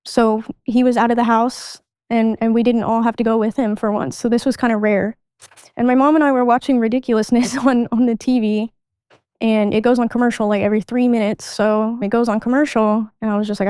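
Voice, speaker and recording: Young woman, podcast guest, halting candid storytelling, fairly high voice, smooth and clear, dry close mic. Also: flat delivery, dark tone, no room sound. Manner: halting, restarts sentences, reenacts past dialogue. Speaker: guest sharing her life story.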